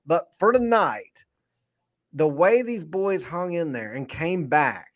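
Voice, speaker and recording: Guy in his 30s, kinda high voice, rambling and fired up on a sports pod. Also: slow. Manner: animated, rambling, lots of restarts. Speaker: podcast co-host. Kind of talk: excited postgame sports chat.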